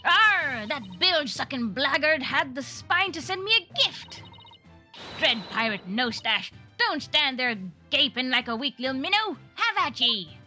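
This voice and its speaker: High and bright, this is a woman playing a young female whale trainer in a game fan dub. She explains things plainly, then bursts into hammy, booming pirate bluster. Music plays clearly behind her. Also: big pitch swings, measured pace, full character voice. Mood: mock pirate.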